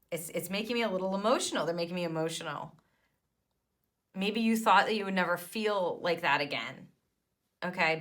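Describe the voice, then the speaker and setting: Bright-voiced woman giving an encouraging tarot reading. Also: medium pitch. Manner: encouraging, emphatic, with hesitant fillers. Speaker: tarot card reader.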